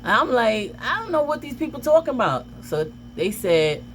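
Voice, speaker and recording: Woman, storytime vlog, casual, animated, pitch swinging widely, faint noise behind. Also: moderate pace. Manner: animated, dramatic retelling with outbursts. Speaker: vlogger telling a story.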